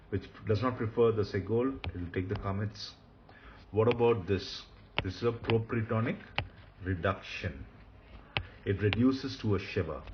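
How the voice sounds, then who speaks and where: Patient low-voiced male grammar teacher. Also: background noise. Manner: patient, repeats key points, frequent fillers. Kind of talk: recorded lecture. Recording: dull lo-fi lecture recording.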